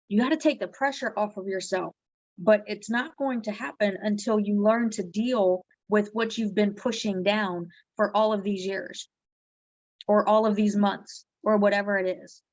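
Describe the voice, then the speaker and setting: A woman's voice: medium pitch, dry recording. Woman, direct-sales team leader, earnest motivational pep talk, dry dull lo-fi audio. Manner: earnest, heartfelt, often ends with "right?". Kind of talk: motivational live video talk.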